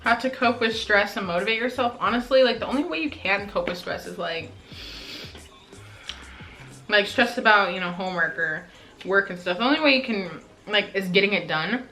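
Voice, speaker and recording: A woman's voice: mid-range voice, normal speed, sharp tone, faint music behind, rough recording. A teenage girl from Colorado chatting casually in a mukbang vlog, full of "like" fillers while she eats. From Colorado, USA. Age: teens. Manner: chatty, lots of "like" fillers, talks while eating. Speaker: vlogger.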